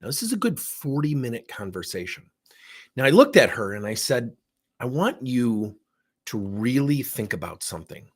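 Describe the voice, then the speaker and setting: A man's voice: medium pitch, normal speed. A middle-aged man who trains coaches, telling a story in a session and acting out the dialogue with theatrics. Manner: animated, acts out dialogue with theatrics.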